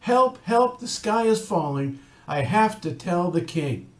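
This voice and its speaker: A man voicing a panicky little male chick in a storybook telling, with shrill, frantic squawks. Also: lively intonation, a little slow, roomy sound, far from the mic. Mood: panicked. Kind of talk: storybook reading.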